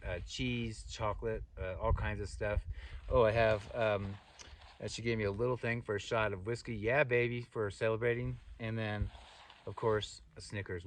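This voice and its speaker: A middle-aged man talks quickly in a lowish voice, rambling through a trail story with lots of "uh"s and restarts. He sits a little way off from the mic, so he sounds slightly distant. He is a hiking vlogger speaking casually to his viewers. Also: a little hiss or hum. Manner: rambling, animated retelling with many fillers and restarts. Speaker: thru-hiker vlogger. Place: outdoors on a mountain trail.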